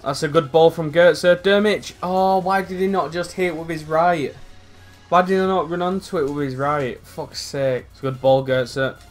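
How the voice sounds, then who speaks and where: A young man commentating on his own football video game match, sweary and excitable, swinging from low mutters to loud outbursts. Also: normal speed, soft background music. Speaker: gaming YouTuber.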